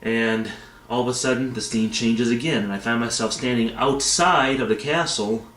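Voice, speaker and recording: A man's voice: mid-range voice, moderate pace, a bit bright. Rambling man in an echoey room. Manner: rambling, tangential storytelling. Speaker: vlogger. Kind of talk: casual dream retelling. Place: dim indoor room, backlit.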